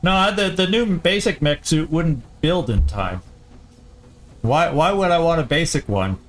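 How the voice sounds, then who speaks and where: A man hosting a let's play, giving casual gameplay commentary as he thinks aloud, often halting and restarting. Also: on the high side, expressive.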